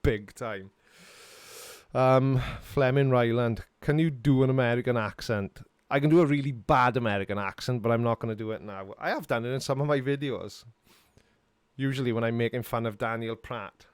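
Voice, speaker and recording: A man's voice: mid-range voice, moderate pace, clear, resonant tone, no echo. A middle-aged Welsh man hosting a casual live stream, rambling and joking while answering chat questions from his home studio. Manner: rambling and jokey, laughs often.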